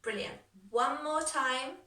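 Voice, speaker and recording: Woman english teacher, bright high-ish voice, encouraging, echoey room, a bit off mic. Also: slow pace, distant mic. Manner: clear, encouraging, exaggerated rising intonation on model phrases. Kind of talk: language lesson, modeling phrases to repeat.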